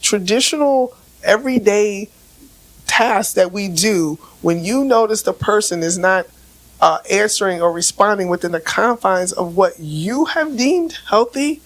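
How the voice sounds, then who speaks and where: A woman with a raspy voice from laryngitis, speaking as a relationship expert on a casual podcast and explaining with everyday examples. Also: mid-range voice, lively intonation, unhurried, low-quality recording. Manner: explains with everyday examples, frequent "right?" checks; repeats words when starting sentences.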